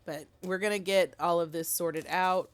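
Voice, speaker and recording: Woman with a sick voice, low-pitched, chatty vlogger, thinking aloud. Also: fairly even intonation, moderate pace. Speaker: rock tumbling vlogger. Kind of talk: casual how-to vlog.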